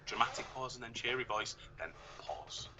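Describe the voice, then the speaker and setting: A man's voice: medium pitch, moderate pace, a crowd in the background, low-quality recording. A man running a live script-reading stream, moving from a mock-epic speech into jokey, self-deprecating chat.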